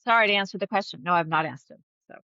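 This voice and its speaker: Speaking quickly in a lowish, bright and forceful voice, a woman talks openly as a podcast guest in a candid interview. She's expressive and chatty, laughing a lot and restarting sentences, and the muffled recording has no room sound.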